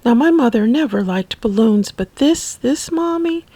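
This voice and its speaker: A woman recounts her memories slowly and haltingly, often dropping to a near whisper. Her voice is gravelly and a little husky, and sits somewhat high. The recording is close and dry. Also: expressive, dry recording, poor audio. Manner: slow, halting, soft-spoken. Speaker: memoir narrator. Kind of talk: personal storytelling.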